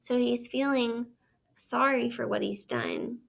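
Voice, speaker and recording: A woman teacher reading a story aloud in a measured storytelling way and asking the listener questions about it. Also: a little high, wildly swooping pitch, creaky. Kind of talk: read-aloud lesson narration.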